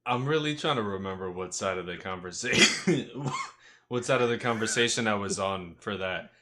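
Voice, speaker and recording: A young man co-hosting a podcast, chatting slowly and reflectively. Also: on the low side, lively intonation, bright, forceful tone, a little hiss or hum. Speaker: podcast co-host. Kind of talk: casual chat.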